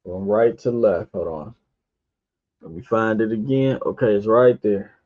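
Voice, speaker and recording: A man's voice: lowish voice, measured pace. A man hosting a podcast, giving an informal religious lesson while sharing his screen. He spells out letters one by one and keeps asking his listeners rhetorical questions. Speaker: podcast host teaching scripture. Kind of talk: informal religious teaching over a screen share. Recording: dull lo-fi stream audio.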